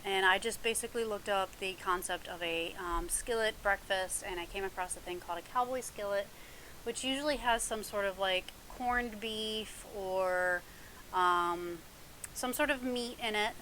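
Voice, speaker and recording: A woman's voice: mid-range voice, bright, forceful tone, slight background noise, rough recording. A woman chatting casually at home in a mukbang vlog, rambling with lots of ums and little laughs. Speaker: vlogger. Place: home, alone in the house. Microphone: mic in front of her.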